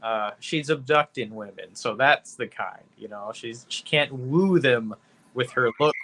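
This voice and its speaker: A man with a bright, forceful voice talks through a movie review as a podcast co-host. His delivery is loose and meandering, peppered with "you know" and easy profanity. He keeps an unhurried, casual tone. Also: medium pitch, slight background noise. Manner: rambling, laid-back, profane, heavy with "you know".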